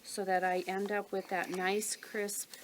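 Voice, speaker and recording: A woman calmly talking through a sewing tutorial step by step while she works. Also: mid-range voice, measured pace, a little hiss or hum, rough recording. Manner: calm, methodical, talks while working. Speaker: quilting instructor.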